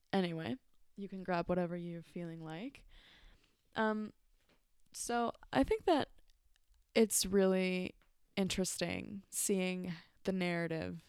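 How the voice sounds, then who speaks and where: Low, smooth-voiced woman hosting a podcast. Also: darkish tone, no room sound, studio quality. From Mexico. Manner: rambling, many fillers and restarts. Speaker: podcast host. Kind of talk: casual reflective monologue.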